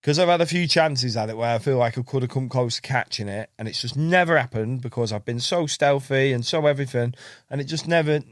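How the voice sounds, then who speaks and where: A man spins a long, rambling story as a podcast guest, jumping into the voices of the people he quotes. His voice sits at an ordinary pitch for a man, and the recording is dry and close with no room around it. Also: brisk, no room sound. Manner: rambling storyteller who acts out quotes and laughs often. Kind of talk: casual chat.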